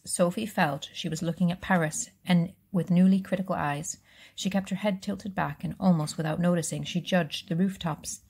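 A woman reads a children's novel aloud in a relaxed way, now and then stopping to correct herself or add a casual aside. Her voice is low and husky. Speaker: reader.

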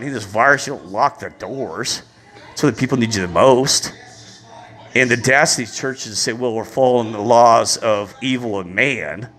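A man on a passionate, indignant religious rant, repeating his exasperation and rising to loud peaks. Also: medium pitch. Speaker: vlogger.

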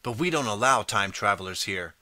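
A man's voice: fairly low pitch, animated, brisk, bright, forceful tone, dry recording. A man voicing a stern, menacing woman officer in an audiobook story.

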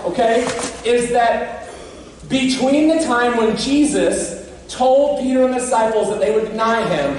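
A man's voice: extremely high pitch, moderate pace, slight background noise. A man preaching an Easter sermon as pastor, conversational and often checking in with the congregation. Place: church sanctuary. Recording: very echoey church from a distant mic.

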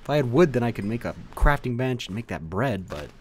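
A young man commentating his survival game, swearing often, talking to the monsters and bursting into loud outbursts. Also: mid-range voice, fast talker, slight background noise. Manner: swears a lot, animated outbursts, talks to game mobs. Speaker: gaming video creator. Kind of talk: let's play commentary.

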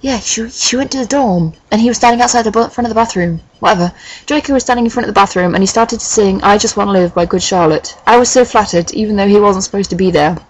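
A woman doing a comic dramatic reading of a fan fiction, breaking off for sarcastic, deadpan asides with swearing. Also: medium pitch, quick pace, low-quality recording. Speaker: reader and commentator of a fan fiction.

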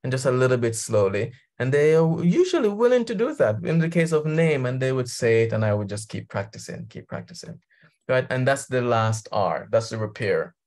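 A man's voice: mid-range voice, big pitch swings, moderate pace, hardly any pauses, a little mellow. A man coaching leaders, talking conversationally over a video call and laughing easily. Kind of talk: guest talk on a video call.

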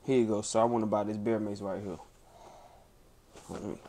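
A man playing a fuming guy rushing off to buy bear spray. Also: fairly low pitch, steady tone, mellow, lightly acted. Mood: mock fuming. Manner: fuming, theatrical sighs and groans.

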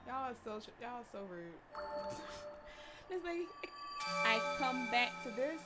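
Woman game streamer, high expressive voice, playful running commentary. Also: measured pace, over loud music. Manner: animated, talks back to the game and chat, laughs often. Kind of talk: casual live gameplay commentary.

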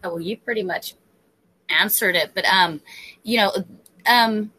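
A woman's voice: medium pitch, a little slow, bright, forceful tone, husky, low-quality recording. A woman co-host asking her question in a hesitant, eager way, full of fillers. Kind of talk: casual interview chat.

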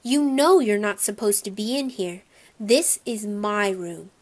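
A woman voicing an upset young schoolboy who pleads and shouts in a tearful, raised voice. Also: mid-range voice, a little slow, natural voice. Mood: annoyed. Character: upset schoolboy, loud and hurt.

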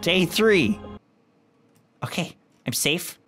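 Animated woman narrating her gameplay. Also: on the low side, drawn-out words, soft background music. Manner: excitable, talks to herself and the game, jumps between mock bravado and panic. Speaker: gaming commentator. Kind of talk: let's play commentary.

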